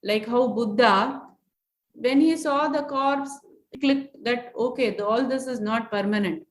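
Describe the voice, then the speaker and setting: A woman teaching scripture, chanting Sanskrit verses slowly and then explaining them word by word. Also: fairly high pitch, a little hiss or hum. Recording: echoey room.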